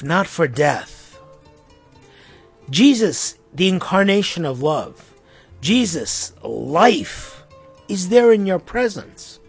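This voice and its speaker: A man's voice: on the high side, slightly rough. A man giving a reflective sermon in a conversational way, with asides and restarts. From Armenian community in the US. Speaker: pastor.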